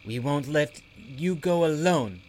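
A man voicing a caring, protective living satchel creature for a storybook, talking in a bright, coaxing way. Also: fairly high pitch, animated, slow, a little hiss or hum, pitched above the performer's own voice. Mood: reassuring.

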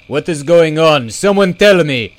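A man's voice: on the low side, moderate pace, a bit bright, lightly acted. A man voicing a proud, formal male owlbear in a storybook, with old-fashioned, stately speech. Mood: alarmed.

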